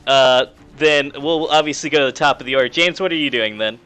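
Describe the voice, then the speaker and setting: A young man narrating as game master of a tabletop game, casual and halting with lots of fillers. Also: medium pitch, sharp tone, clean tone.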